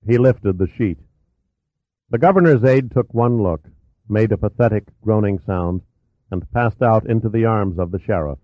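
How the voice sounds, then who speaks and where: A man reading a novel aloud as an audiobook narrator, in a steady, even way. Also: on the low side, normal speed, no echo. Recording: tinny narrow-band audio.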